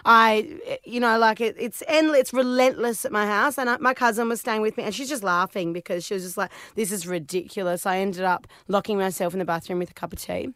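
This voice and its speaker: A woman's voice: mid-range voice, brisk, hardly any pauses, fairly bright tone, dry recording, studio quality. A woman, co-hosting a radio show and telling self-mocking stories in casual chat. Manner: chatty, self-mocking storyteller. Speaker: radio co-host.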